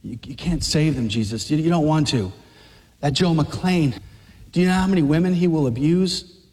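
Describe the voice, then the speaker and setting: A man voicing a sneering male devil who taunts and threatens in a low voice. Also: a little mellow, big-room sound, lightly acted. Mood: coaxing whisper. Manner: taunting, menacing, drawn-out threats.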